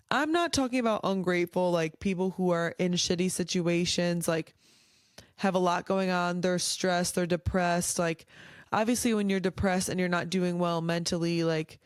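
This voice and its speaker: Blunt, low-voiced woman ranting casually. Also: steady tone, moderate pace, clean tone, dry recording, clean studio sound. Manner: blunt, swears freely, many filler likes. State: tired, yawning late at night. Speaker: podcast host. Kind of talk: casual solo rant. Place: her home at night.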